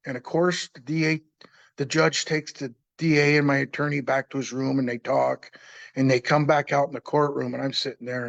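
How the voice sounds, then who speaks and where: A man's voice: mid-range voice, creaky, no echo, dull audio. A man in his sixties casually telling his own story, plain-spoken and rambling, acting out remembered conversations.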